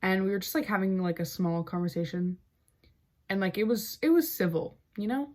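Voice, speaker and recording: A woman's voice: mid-range voice, lively intonation, a little fast. A young woman hosting her own podcast, telling a story in a casual, chatty way, full of "like" fillers and wry asides. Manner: chatty, heavy use of "like" fillers. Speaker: podcast host.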